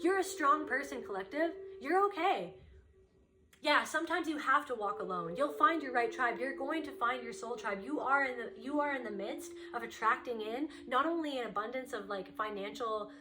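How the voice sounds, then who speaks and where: A woman's voice: high voice, expressive, moderate pace. A woman giving a spiritual card reading to the listener, impassioned and repetitive, circling back over her phrases as she speaks straight to them. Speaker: spiritual reader. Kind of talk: intuitive card reading to camera.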